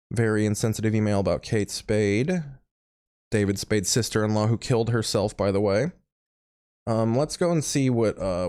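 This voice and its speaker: A man's voice: on the low side, no echo, studio quality. Sarcastic, profane male podcast host. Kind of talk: comedic podcast riffing.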